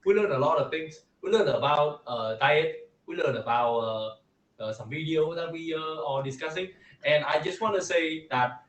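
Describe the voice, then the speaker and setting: A man putting on a comic uncle voice, lecturing like a schoolteacher, full of drawn-out fillers. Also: fairly high pitch, echoey room, lightly acted, poor audio. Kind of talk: comic impression.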